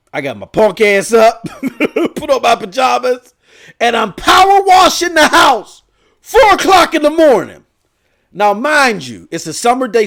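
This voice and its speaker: Loud, high-voiced animated man. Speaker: gaming news streamer. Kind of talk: casual storytelling rant.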